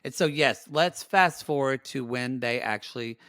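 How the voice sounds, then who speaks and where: A man's voice: mid-range voice, moderate pace, bright, forceful tone, dry recording, studio quality. A man co-hosting a podcast, gossiping his way through a reality TV recap in casual chat and speaking to listeners as y'all. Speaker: podcast co-host.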